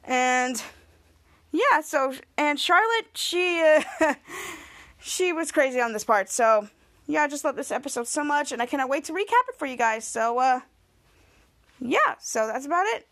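A woman with a high voice hosts a podcast and recaps a TV episode. She rambles and restarts often, and slips into the characters' lines as she goes. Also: lively intonation, measured pace, a bit bright. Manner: rambling retelling with many restarts, acting out lines. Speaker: podcast host.

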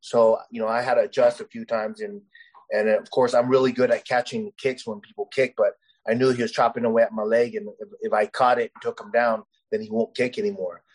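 A man's voice: medium pitch, little pitch movement, fairly quick, poor audio. A man, a professional fighter, telling stories in a casual interview, rambling and full of fillers. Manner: rambling, heavy with "you know" and "uh" fillers.

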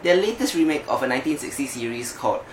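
Lively fast-talking man on a podcast. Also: mid-range voice, roomy sound, slight background noise. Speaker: podcast co-host. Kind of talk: casual chat.

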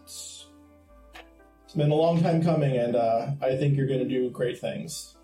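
Guy doing an older admiral, measured, mellow voice, echoey. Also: medium pitch, faint music behind, natural voice. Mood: approving. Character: seasoned older male navy admiral. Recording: echoey room.

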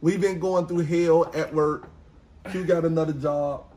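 A young man co-hosting a podcast, telling animated work stories in casual chat. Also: measured pace. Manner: animated, acts out callers in high mocking voices. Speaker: podcast co-host.

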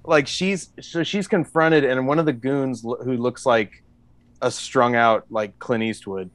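A man co-hosting a movie podcast, retelling scenes in an excited, jokey way. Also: medium pitch, measured pace, a little hiss or hum. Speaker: podcast co-host. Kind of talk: casual movie review chat.

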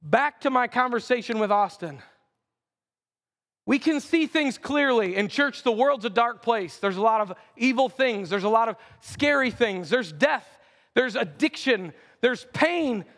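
A man with a strikingly high voice preaches from a church stage, his words ringing out through a long hall reverb. He reads scripture in a steady cadence and builds with urgency as he presses each point. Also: a little slow. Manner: preaching with rising intensity and scripture reading. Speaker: pastor. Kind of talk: sermon. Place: church sanctuary.

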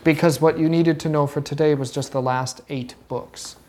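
A woman with a fairly low voice leads a church catechism class. She talks briskly and playfully, repeating words to drive them home. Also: fairly even intonation, dark tone, slight background noise. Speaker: catechism teacher. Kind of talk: classroom teaching.

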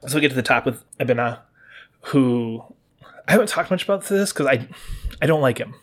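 A mid-pitched man talks casually through a game's plot as a commentator. His speech is loose and full of likes and restarts. Now and then he briefly mimics the characters' lines in livelier voices. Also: brisk. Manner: chatty, with lots of likes and restarts. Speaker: video game commentator. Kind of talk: casual spoiler recap monologue.

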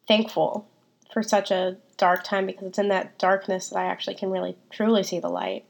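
A woman's voice: medium pitch, level tone, normal speed, creaky. A woman hosting a faith podcast, talking reflectively and personally about scripture and her own struggles, with frequent ums and restarts. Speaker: podcast host.

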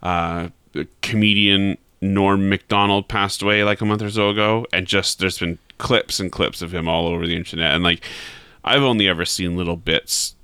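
A man's voice: deep voice, fairly even intonation, normal speed, few pauses, sharp tone, smooth, no room sound. A man, hosting a casual podcast and telling a long joke, with many repeated words. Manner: rambling, repeats words, voices characters in a joke. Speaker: podcast host.

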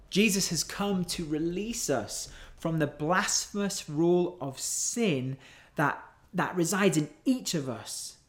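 Slow, animated male preacher. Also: on the high side. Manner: earnest, emphatic preaching with drawn-out words. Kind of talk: sermon.

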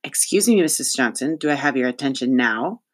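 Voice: mid-range voice, sing-song, a little fast, pitched above the performer's own voice. An audiobook narrator voicing a blunt, impatient young girl who hates mumbling.

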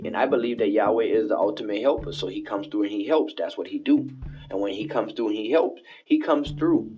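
A man with a lowish voice rambles through a solo late-night podcast, preaching and repeating himself as he goes. The recording is dull and lo-fi, made in a home bathroom with faint music behind him. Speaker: podcast host.

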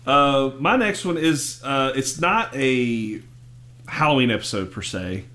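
A man chatting casually as a podcast host, retelling a cartoon episode with animated storytelling. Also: medium pitch, a little slow. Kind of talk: casual chat.

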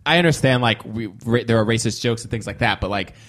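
A man's voice: medium pitch, fast, fairly bright tone. A man co-hosting a casual comedy podcast, thinking aloud as he talks. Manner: thinking aloud, many fillers and restarts.

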